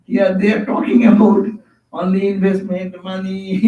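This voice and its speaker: A man's voice: high voice, fairly even intonation, warm tone. A man giving a devotional sermon as a monk, telling stories and often stopping to search for words, with rhetorical asides. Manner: storytelling, asks rhetorical "No?" and "Huh?"; halting, restarts and searches for words. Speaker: monk giving a spiritual talk. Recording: echoey, distant, dull hall recording.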